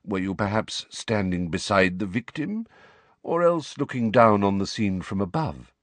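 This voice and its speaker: A man reading aloud and voicing an old male headmaster wizard who speaks quietly, calmly and in measured tones. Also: lowish voice, no echo.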